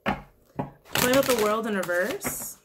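A woman's voice: fairly high pitch, measured pace, very noisy. A woman giving a casual weekly tarot reading, chatty and blunt, who swears freely and keeps repeating her questions to the cards. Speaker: tarot reader.

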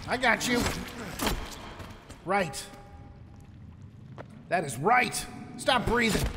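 High-voiced man narrating his gameplay. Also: lively intonation, slow pace, long pauses, long reverb tail, noisy background. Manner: chatty, jokey, talks to enemies. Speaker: gameplay commentator. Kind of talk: let's play commentary.

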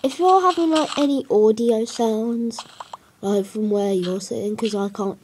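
A woman's voice: a little high, measured pace, noisy background. A woman giving casual gameplay commentary, hesitant and rambling with many fillers. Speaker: gaming video creator.

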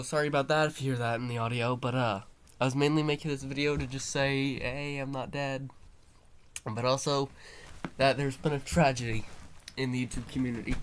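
A man with a cold and a stuffy nose, rambling in a mock-serious, mournful way and swearing a lot in a casual vlog. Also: mid-range voice. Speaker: YouTuber.

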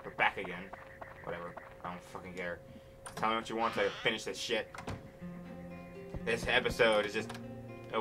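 A gaming channel host with a lowish, bright, forceful voice comments casually as he plays, grumbling impatiently and swearing frequently. His intonation is fairly even at a moderate pace, broken by long pauses. The audio is poor, with game music underneath.

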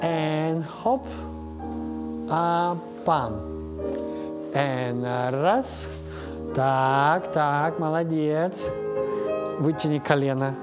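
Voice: medium pitch, drawn-out words, pauses often. A ballet teacher, a native Russian speaker with a Russian accent, counting beats and correcting students by name during a class in a studio. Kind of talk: live ballet class instruction. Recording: class music playing behind. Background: piano accompaniment.

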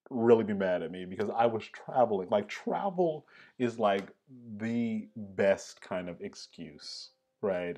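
Chatty man, slow and lively. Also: fairly low pitch. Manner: chatty, fills with "like" and "right?". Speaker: host. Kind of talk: casual chat over tea.

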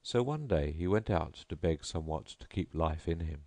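A man narrating an old storybook tale in an expressive, theatrical reading. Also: a bass voice, normal speed, dry recording. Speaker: audiobook narrator.

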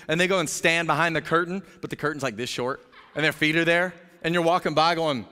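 A man preaching a sermon as pastor, telling a story in an energetic, jokey way and acting out the characters' voices. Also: a little high, a little fast. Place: church sanctuary. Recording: long hall reverb.

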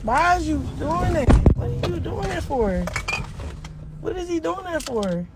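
High-voiced upset young woman ranting. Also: sing-song, measured pace, heavy background noise. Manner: angry, cursing, repeats herself. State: upset and shaken. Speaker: mother filming a live phone video. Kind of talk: agitated phone video rant. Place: in and around a car, outdoors.

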